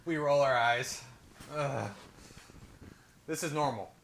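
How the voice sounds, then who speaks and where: A man's voice: mid-range voice, moderate pace, noisy background. A man playing in a tabletop game, asking hesitant, trailing questions in casual chat. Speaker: player. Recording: echoey room.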